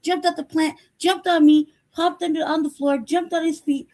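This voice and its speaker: A woman's voice: extremely high pitch, moderate pace. A woman hosting a casual live chat, telling stories, laughing often and swearing freely. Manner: laughing often, profane, animated storytelling. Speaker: host.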